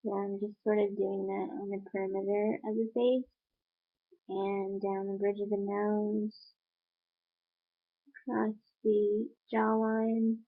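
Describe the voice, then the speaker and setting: A woman talking through a makeup tutorial in a relaxed, rambling way, with many fillers. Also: mid-range voice, takes it slowly. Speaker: beauty vlogger. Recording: tinny phone-like sound.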